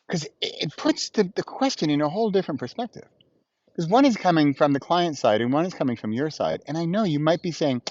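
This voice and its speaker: A man's voice: on the high side, expressive, brisk, dry recording, muffled recording. A man talking in a casual morning vlog outdoors by a small pond, hyped up and playful, recorded on Bluetooth headphones. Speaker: vlogger.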